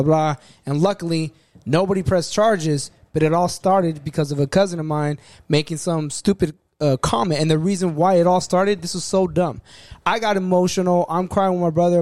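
A man telling a rough story in casual group chat, frank and profane. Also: fairly high pitch, darkish tone, no room sound, studio quality. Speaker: podcast guest telling a story.

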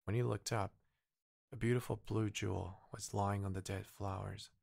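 A man with a Korean first language reads a fairy tale aloud in a calm, soft bedtime-story manner. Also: vocal fry, no room sound, clean studio sound. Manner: slow, soft, low-key reading. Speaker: narrator.

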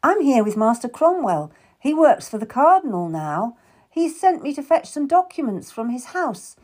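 A woman's voice: high voice, moderate pace, breathy edge, voice pushed up, full character voice. A woman reading an earnest young Tudor suitor. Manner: calm, tender and earnest.

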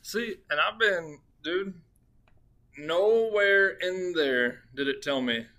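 A man's voice: sits high, slow. A man co-hosting a casual podcast, riffing on jokes and swearing a lot. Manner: animated, profane, riffing on jokes. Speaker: podcast co-host. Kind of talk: casual true-crime podcast chat.

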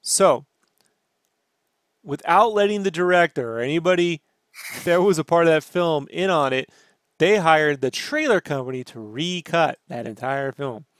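A man's voice: fairly high pitch, animated, normal speed, a bit bright, no room sound. Profane ranting man, dry close mic. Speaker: podcast host. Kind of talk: casual podcast chat.

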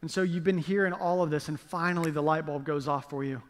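This pastor speaks fast in a somewhat high voice as he preaches, spicing the story with jokes and acted-out asides. A large hall gives the recording a long reverb.

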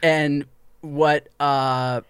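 A man's voice: fairly high pitch, level tone, drawn-out words, fairly bright tone, clear, resonant tone, dry recording, studio quality. A young man co-hosting a casual podcast, telling stories with lots of laughter and restarts. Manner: laughing, storytelling with false starts. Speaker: podcast co-host. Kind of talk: casual chat.

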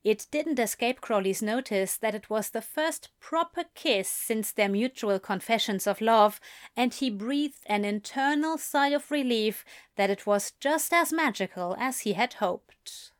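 A woman reading a romantic story aloud in a slow, measured way. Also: on the high side, animated. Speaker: reader. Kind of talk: reading fan fiction aloud.

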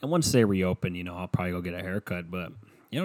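A man's voice: low voice, fast talker, a little mellow, no echo. A young man hosting his own podcast, rambling and swearing casually with self-mocking humor, speaking into a headset at home. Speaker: podcast host. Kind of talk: casual solo podcast rant.

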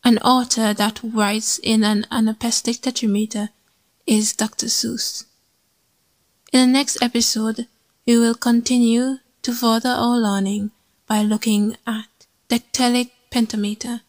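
A woman reading a poem and teaching a short poetry lesson in a measured, scripted way. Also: fairly high pitch, flat delivery.

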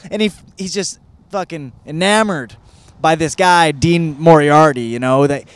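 A man's voice: on the high side, unhurried, smooth, no echo. Guy in his 30s from michigan rambling and cursing thru a book review, dry close sound. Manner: rambling, profane, self-deprecating. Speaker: podcast host reviewing a book. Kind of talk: casual profane monologue. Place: California.

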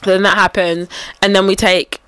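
A woman's voice: mid-range voice, flat delivery, normal speed, a bit bright, smooth, dry recording. A young woman, casually telling a story on a podcast, acting out quotes and laughing often. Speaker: podcast co-host. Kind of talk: casual chat.

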